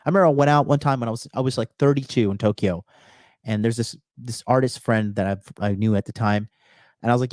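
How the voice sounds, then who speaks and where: A man's voice: medium pitch, fast, a little mellow, dry recording, studio quality. A man streaming live as a dating coach, giving profane, emphatic advice and reading chat, repeating lines for punch. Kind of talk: livestream monologue reading chat.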